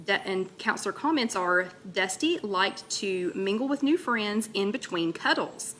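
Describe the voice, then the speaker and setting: A chatty woman with a lilt hosts a casual live stream, talking into a laptop mic. Her voice is bright and ringing, and she wanders from story to story and breaks off mid-sentence to greet viewers by name. A faint hiss of room noise sits under her voice. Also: mid-range voice, animated, unhurried. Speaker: host of a weight-loss chat livestream.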